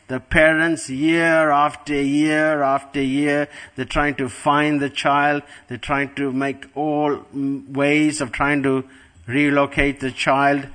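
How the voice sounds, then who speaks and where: A middle-aged man gives a devotional class in a fairly high, forceful voice. He tells a story earnestly and doubles words for emphasis. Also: little pitch movement, slow pace. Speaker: spiritual teacher.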